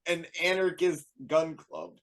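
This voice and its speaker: Male co-host, bright forceful tone, wry storyteller. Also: fairly high pitch, little pitch movement, a little slow. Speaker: podcast co-host. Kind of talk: casual chat.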